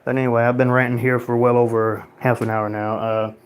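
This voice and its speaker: An American man talks through a livestream in a loose, rambling way. He answers chat comments with sarcasm and the odd curse, and his voice sits at an ordinary, middle pitch. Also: little pitch movement, fairly quick, a little hiss or hum. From United States. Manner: rambling, sarcastic, swears and laughs often. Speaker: livestream host reading chat.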